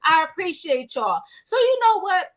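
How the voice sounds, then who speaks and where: A woman hosting a casual live-stream talk show, animated and calling out to her viewers. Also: extremely high pitch. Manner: animated, calls out to viewers, drawn-out exclamations. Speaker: livestream host.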